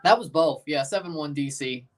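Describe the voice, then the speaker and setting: A man's voice: on the high side, moderate pace. Southern guy from mississippi doing a chill watchalong stream, chatty, repeats himself a lot. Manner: chatty, answers viewers' comments, repeats phrases. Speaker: livestream host. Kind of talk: casual livestream watchalong chat.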